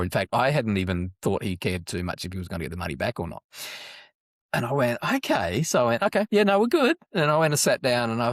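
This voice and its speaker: Aussie guy, kinda low voice, rambles with restarts, dry close sound. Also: dry recording. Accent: Australian. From Australia. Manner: rambling, many restarts, animated when quoting. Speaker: guest, anti-trafficking charity worker. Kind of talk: casual storytelling in an interview.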